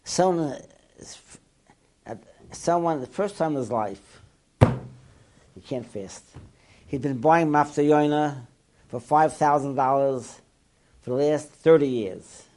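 A man teaching a Torah class, animated and asking his listeners questions, mixing Hebrew and Yiddish terms into English. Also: fairly high pitch, takes it slowly, pauses often.

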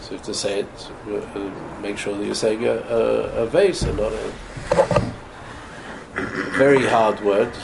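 A man teaching a Torah class, explaining point by point, stumbling and repeating words and sounding out Hebrew words slowly to model careful pronunciation. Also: fairly low pitch, steady tone, gravelly. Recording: noisy ambient room recording.

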